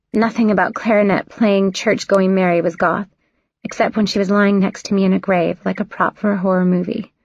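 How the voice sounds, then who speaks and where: A woman's voice: medium pitch, vocal fry, husky, dry recording. A woman giving first-person audiobook narration with a wry, inward storytelling manner. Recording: dull, dry studio recording.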